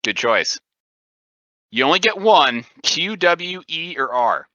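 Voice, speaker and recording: A man hosting a casual podcast, quizzing his guest in a deadpan way. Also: fairly high pitch, takes it slowly, dry recording. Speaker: podcast host. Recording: dull lo-fi sound, dry.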